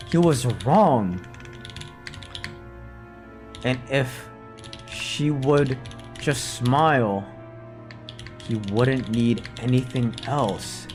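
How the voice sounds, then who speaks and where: A man streaming a visual novel playthrough live, theorizing aloud in an excitable, profane way. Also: medium pitch, drawn-out words, pauses often, soft background music.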